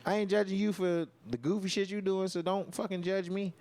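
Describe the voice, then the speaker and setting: A man's voice: sits high, steady tone, brisk, vocal fry, a little mellow, dry recording. A man who is a stand-up comedian and podcast host, telling a story in casual, profane, slang-heavy chat.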